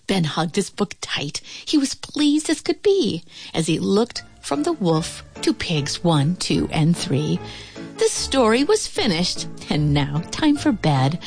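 A woman reading a rhyming picture book aloud in an expressive, playful way. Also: on the low side, slow, creaky, faint music behind. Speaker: storyteller.

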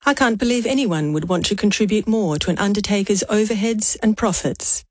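A woman's voice: mid-range voice, a little fast, dry recording. A woman reading a radio ad in an earnest, matter-of-fact way. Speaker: funeral business owner. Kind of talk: radio ad read.

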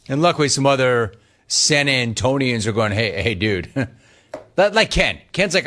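A man hosting a sports talk radio show, animated and emphatic, swinging between loud and soft. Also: medium pitch, a little slow.

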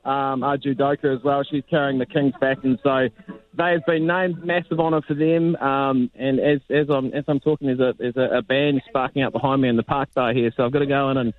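A man's voice: mid-range voice, steady tone, brisk, narrow, tinny audio. A man, a sports reporter chatting casually on radio in a laid-back, rambling way. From New Zealand.

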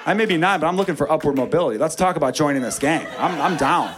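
A man doing stand-up comedy, telling a story with loud, animated delivery and shouted character voices. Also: fairly high pitch, quick pace, crowd noise.

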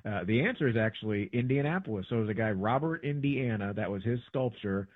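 Animated rambling man on a tinny line. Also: on the low side, brisk, no room sound. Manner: rambling, animated, many fillers and restarts. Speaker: podcast co-host. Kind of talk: casual travel chat. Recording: dry, tinny phone-like sound.

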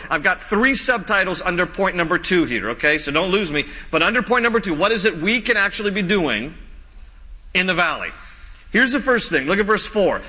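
A man preaching a sermon as pastor, earnest, slowing down whenever he reads scripture aloud. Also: sits high, pushed and bright. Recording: long reverb of a large hall.

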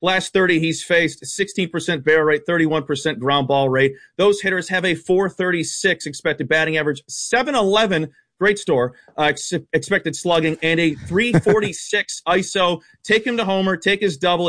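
A man as a sports betting analyst guest on a radio show, rattling off stats in a blunt, animated way. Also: on the high side, no room sound. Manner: fast, blunt, stat-heavy, animated. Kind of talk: casual radio sports talk.

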